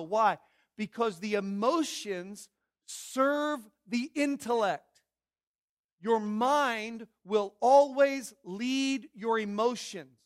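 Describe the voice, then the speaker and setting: A man's voice: very high-pitched, extremely slow. A man preaching a Sunday morning sermon as pastor, emphatic, repeating phrases and asking the congregation questions.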